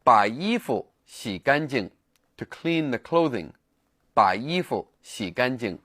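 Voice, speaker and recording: A man's voice: medium pitch, big pitch swings, unhurried, a bit bright, no room sound, clean studio sound. A man teaching a language lesson, explaining words and repeating example phrases in a scripted narration.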